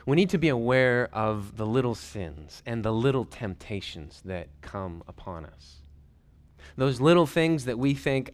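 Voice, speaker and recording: A male pastor preaching a sermon in a conversational, animated way, with folksy asides, who drops to hushed whispers when quoting. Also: medium pitch, unhurried.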